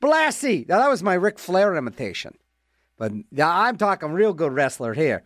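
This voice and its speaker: A man's voice: fairly high pitch, big pitch swings, moderate pace, fairly bright tone, dry recording, studio quality. A man hosting a request radio show, talking in a rambling, jokey way with self-mocking asides. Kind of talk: casual radio DJ patter.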